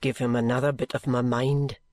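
A man's voice: mid-range voice, little pitch movement, moderate pace, darkish tone, no echo, lightly acted. A man reading an audiobook, voicing a stolid, taciturn old soldier who murmurs short remarks. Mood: gruff. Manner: murmuring, terse. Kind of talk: audiobook character voice.

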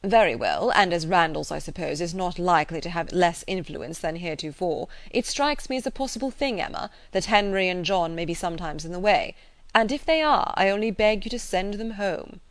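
Blunt practical gentleman, firm and lecturing, read by a woman in a low voice. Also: expressive, brisk, no echo.

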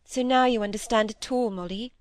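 A woman's voice: a little high, a little fast, natural voice. A woman reading the part of a troubled young woman confessing her regrets to a friend, earnest and regretful. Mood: confiding. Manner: earnest, regretful, rising to indignation. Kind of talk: audiobook reading of dialogue.

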